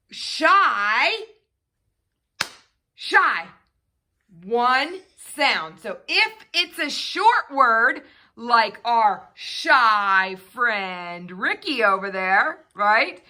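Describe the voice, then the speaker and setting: A woman runs a children's phonics lesson, spelling letters and stretching out sounds in a sing-song way. Her voice is fairly high and bright, with lively pitch swings. She speaks at an unhurried pace. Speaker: teacher.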